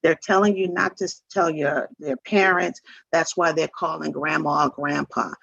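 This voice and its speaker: A man's voice: on the high side, fairly even intonation, moderate pace, gravelly, fairly bright tone, no echo, dull audio. A man presenting a scam-prevention seminar to seniors. He speaks earnestly and repeats words for emphasis. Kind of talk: informational talk to seniors.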